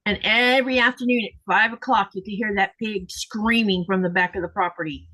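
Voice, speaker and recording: A woman's voice: mid-range voice, fairly even intonation, a little fast, bright, forceful tone, a little hiss or hum. A woman hosting a sewing live stream, chatting casually and telling stories while reading viewer comments. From Florida. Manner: chatty storyteller, reads viewer comments aloud.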